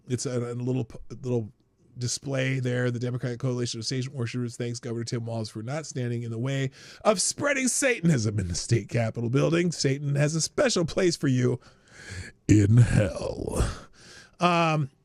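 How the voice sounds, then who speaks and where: A man's voice: medium pitch, fairly quick, dry recording. A man from Nebraska who hosts a live stream, giving mocking commentary and laughing often. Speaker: host.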